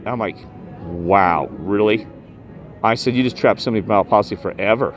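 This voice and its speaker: A man vlogging a rambling personal story about spirits, emphatic and jumping up in pitch when he quotes himself. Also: sing-song, fast talker, a little hiss or hum. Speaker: paranormal vlogger.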